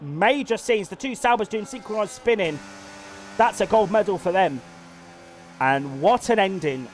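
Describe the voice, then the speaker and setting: High-voiced excitable male race commentator. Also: a little hiss or hum. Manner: excitable, swears freely, rapid-fire calls. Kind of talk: live sim racing play-by-play commentary.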